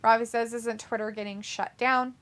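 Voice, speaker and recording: A woman's voice: fairly high pitch, level tone, moderate pace, crowd noise. A woman co-hosting a casual live stream, reading viewer comments aloud in a blunt, profane way and laughing often. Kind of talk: casual chat.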